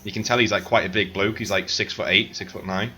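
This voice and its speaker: A man narrating a tabletop game as game master, halting with many fillers. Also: on the low side, fairly even intonation, bright, forceful tone, slight background noise.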